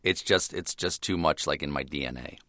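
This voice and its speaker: A very low-pitched man being interviewed in a studio. He muses thoughtfully, restarting sentences and letting them trail off, then rushing ahead in sudden bursts. The sound is close and dry. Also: pushed and bright, dry recording. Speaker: guest. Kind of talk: reflective radio interview.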